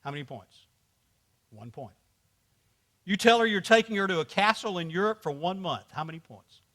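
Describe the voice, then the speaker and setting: A man's voice: sits high, lively intonation, moderate pace, sharp tone. A man teaching a men's class at church in a joking, conversational way, quizzing the audience and laughing often. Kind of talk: humorous teaching to a men's group.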